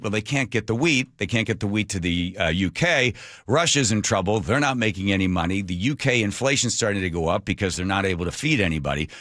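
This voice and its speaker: A man hosting a radio talk show, casually retelling a history story with jokes and quick put-on voices. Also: fairly low pitch, fairly bright tone, no echo, studio quality. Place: radio studio. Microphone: studio microphone.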